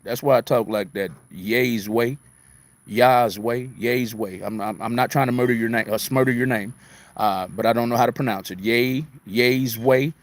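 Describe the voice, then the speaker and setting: A man's voice: lowish voice, fast. A middle-aged man hosting a casual live talk, answering comments in an emphatic, repetitive, preachy way, with a mix of city and country speech. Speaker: radio host answering viewer comments.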